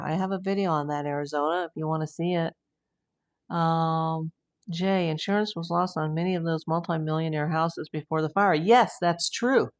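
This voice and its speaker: A woman hosting a casual livestream, chatting with viewers and rambling easily between comments and news. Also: low-pitched. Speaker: true crime livestream host. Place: home.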